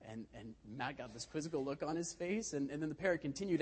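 Husky-voiced man giving a sermon. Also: on the high side, lively intonation, fast talker. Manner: conversational storytelling with frequent restarts. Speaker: lay speaker. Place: church. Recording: reverberant church hall.

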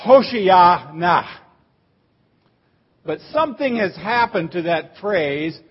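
A man's voice: high-pitched, slightly rough, highs cut off. A man preaching a sermon as pastor, explaining a word like a teacher and rising to emphatic cries on the phrases he quotes.

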